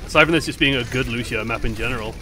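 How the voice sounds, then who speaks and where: Bright-voiced man breaking down a match. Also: medium pitch, very fast. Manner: chatty, swears freely, animated asides. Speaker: esports analyst. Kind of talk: casual match breakdown commentary.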